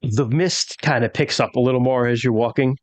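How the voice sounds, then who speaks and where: A man's voice: medium pitch, fairly quick, no echo. Male game master, rambly narration full of fillers, dead-dry recording.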